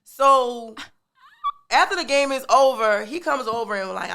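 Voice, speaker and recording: A young woman telling a personal story in a relaxed, animated way, full of casual slang and side remarks. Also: a little high, unhurried.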